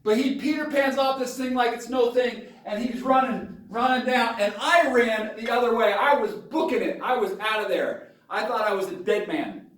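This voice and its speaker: A father telling a personal story to his camera in a dramatic, excitable way, with sudden bursts of yelling. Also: very high voice, normal speed. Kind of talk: animated story time on camera. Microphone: camera mic at a distance. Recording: very echoey room, voice far from camera.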